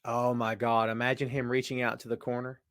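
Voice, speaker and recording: Animated man hosting a wrestling podcast. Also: medium pitch, a little fast, very noisy. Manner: animated, reads out viewer comments. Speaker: podcast host. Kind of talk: live-chat wrestling talk.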